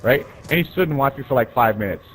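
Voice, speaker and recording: A man's voice: mid-range voice, animated, fast, slight background noise, poor audio. A man casually telling profane, rambling stories while gaming, often tossing in "right?". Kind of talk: casual storytelling.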